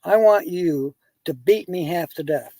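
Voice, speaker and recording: Dude doing a calculating ex-husband, hesitant, kinda high mellow voice. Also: male voice, a little slow, creaky, no room sound. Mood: scheming. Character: scheming divorced man making wishes.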